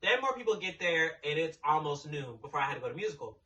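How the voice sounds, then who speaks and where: A man's voice: a little high, sing-song, fast, pushed and bright, recorded from a distance, dull audio. A young man telling a storytime in a blunt, sassy way, swearing freely. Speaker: storytime vlogger. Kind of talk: casual storytime.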